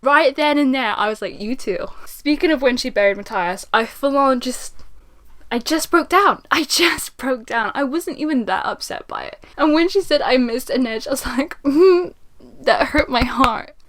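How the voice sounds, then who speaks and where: A young woman giving a casual spoken book review, chatty and animated, laughing often. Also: sits high, moderate pace.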